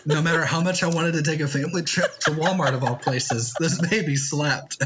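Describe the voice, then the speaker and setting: A man's voice: fairly high pitch, normal speed, noisy background. A man in his thirties, a pastor guesting on a podcast, telling family stories casually with lots of chuckles. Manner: laughing storyteller with frequent fillers. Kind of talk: casual chat.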